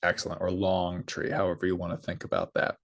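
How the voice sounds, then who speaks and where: A middle-aged man giving a recorded Greek lesson, reading the text slowly and then explaining it briskly. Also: low voice, monotone, creaky. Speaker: Greek instructor.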